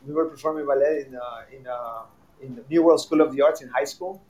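A man who teaches tango, telling stories in a casual chat, animated and laughing often, repeating his words. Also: medium pitch, a little fast, lo-fi sound.

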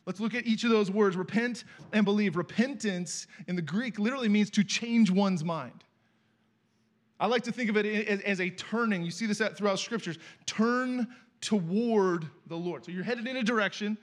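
A middle-aged man preaching as a guest speaker in a church, telling stories in a conversational, animated way. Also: high-pitched, normal speed. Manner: conversational, animated storytelling with acted quotes. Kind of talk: sermon with storytelling. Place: church sanctuary.

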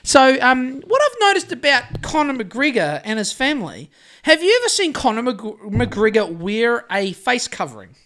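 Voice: medium pitch, very animated, normal speed, fairly bright tone. A podcast co-host with a New Zealand accent, chatting in a rambling, joking way full of fillers and restarts. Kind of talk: casual banter.

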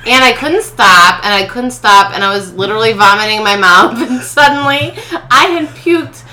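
A woman's voice: mid-range voice, moderate pace, pushed and bright. A woman guest in casual chat, telling a story animatedly and laughing often. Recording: echoey room with background noise.

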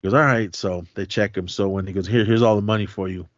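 Man, podcast co-host, casual film recap, animated storytelling, dry close sound, muffled audio. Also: on the low side, fast talker, dry recording. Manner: animated retelling, voicing characters' lines.

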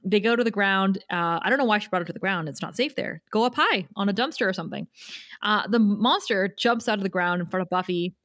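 A woman's voice: medium pitch, fast, a bit bright, dry recording, studio quality. A woman co-hosting a podcast, casually recapping an episode and laughing often. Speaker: podcast co-host.

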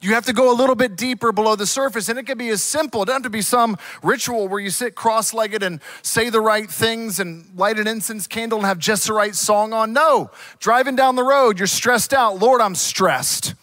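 Pastor guy in his 40s, higher bright voice, chatty storytelling sermon. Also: brisk, hardly any pauses. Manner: conversational, storytelling, earnest.

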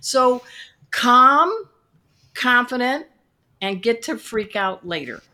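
A woman guest on a podcast, giving pet care tips in a lively, playful teaching style. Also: a little high, measured pace. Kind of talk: podcast interview.

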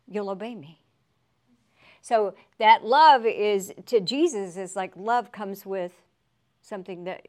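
A middle-aged woman gives a casual devotional Bible teaching. She talks in a chatty way, often laughing and adding tag questions. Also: medium pitch. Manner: laughs often while speaking.

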